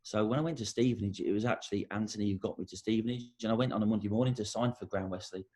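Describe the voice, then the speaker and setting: A man's voice: lowish voice, steady tone, racing, darkish tone. A middle-aged man from England, a former footballer and guest, telling anecdotes in a casual interview and acting out the quotes. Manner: anecdotal storytelling, acts out quotes.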